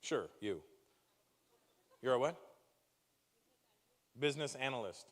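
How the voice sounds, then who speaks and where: A man's voice: mid-range voice, lively intonation, big-room sound. Man doing teasing stand-up crowd work. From Canada. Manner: teasing, profane, quick-fire questions to the audience. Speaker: stand-up comedian. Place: comedy stage before a live audience.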